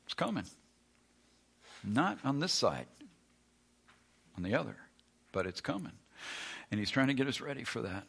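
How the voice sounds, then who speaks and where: A man's voice: medium pitch, big pitch swings, moderate pace, vocal fry, long pauses, fairly bright tone, breathy edge. A man preaching a sermon with emphatic, repeated lines. He acts out the complaints of doubting listeners along the way. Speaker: pastor.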